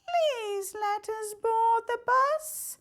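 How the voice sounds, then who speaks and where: A woman's voice: very high-pitched, drawn-out words, a bit bright, voice pushed up, heavily acted. A woman doing a sugary, pleading people-pleaser. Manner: sweet, pleading, fluttery. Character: sugary overly giving female people-pleaser.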